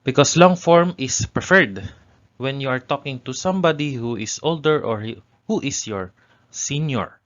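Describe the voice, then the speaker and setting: A man teaching a language lesson, explaining grammar step by step and repeating each example phrase slowly. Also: medium pitch, fairly bright tone, lo-fi sound.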